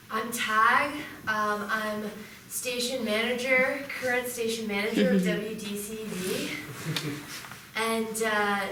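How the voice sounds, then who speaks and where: A woman's voice: on the high side, recorded from a distance, noisy background, close to an everyday voice. A woman playing a tipsy young college radio station manager, laid-back and rambling, in live improv comedy. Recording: roomy live stage recording from afar.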